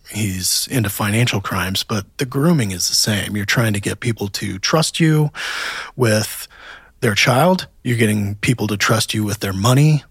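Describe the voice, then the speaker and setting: A man co-hosting, explaining criminal behavior in a measured, analytical way. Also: fairly low pitch, a bit bright, slightly rough, dry recording. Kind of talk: analytical commentary.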